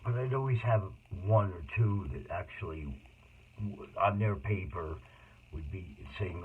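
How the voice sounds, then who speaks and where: A man telling a personal story in a rambling, emotional monologue with sudden loud outbursts. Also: low-pitched, measured pace. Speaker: autobiographical storyteller. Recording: tinny phone-like noisy recording.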